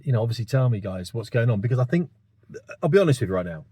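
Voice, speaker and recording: Very animated and racing along, this channel host in his fifties has a mid-range voice that is mellow yet slightly rough, with no room sound. He thinks out loud casually, wandering through his views and tossing in tag questions like asking if that makes sense.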